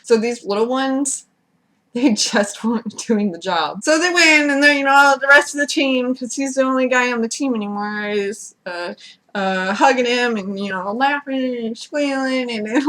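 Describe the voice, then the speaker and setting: A woman's voice: fairly high pitch, fairly bright tone. A woman giving a casual, sarcastic recap of a TV episode, swearing freely and mocking the cast. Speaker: recap vlogger.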